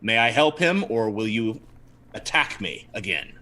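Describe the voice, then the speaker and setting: A stern captain of knights, voiced by a game master, giving clipped, firm commands. The voice sits slightly low and bright, with a dry, commanding edge. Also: male voice, very animated, a little slow, full character voice.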